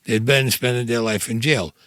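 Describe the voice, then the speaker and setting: A man's voice: medium pitch, fairly even intonation, moderate pace, fairly bright tone, clear, resonant tone, no echo. A man in his seventies with a Brooklyn accent, bluntly and profanely telling his own story and acting out the voices of others. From Brooklyn, New York. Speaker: interviewee recounting his life. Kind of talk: recorded interview storytelling.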